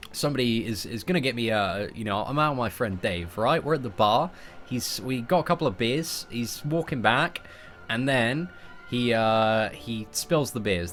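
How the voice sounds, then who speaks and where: A young man with an English accent chats with his viewers while he games, joking and tossing out "mate" and "boys." His voice sits at an everyday middle pitch, and soft game music plays faintly underneath. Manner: jokey, chatty, calls listeners mate and boys. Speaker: gaming streamer. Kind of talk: casual live-stream chat while gaming.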